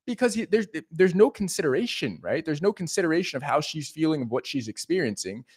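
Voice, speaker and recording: Profane, animated male dating coach. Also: medium pitch, brisk, few pauses, slightly rough. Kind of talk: casual monologue.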